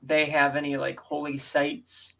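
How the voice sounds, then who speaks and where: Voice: mid-range voice, completely flat delivery, unhurried, vocal fry, background noise. A player in a tabletop game asking casual questions about the next move.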